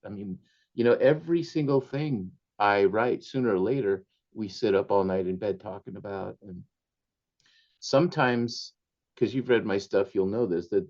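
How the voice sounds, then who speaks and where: An older man, the author guest in a storytelling interview, shares anecdotes about his family, laughing frequently and slipping into Spanish. He has a lowish, darkish voice with vocal fry, and the recording lacks high end.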